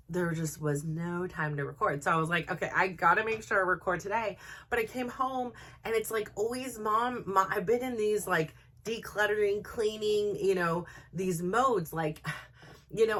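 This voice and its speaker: Bright, chatty woman telling a story. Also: mid-range voice. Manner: animated, chatty, with many fillers. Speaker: podcast host. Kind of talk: casual storytelling monologue.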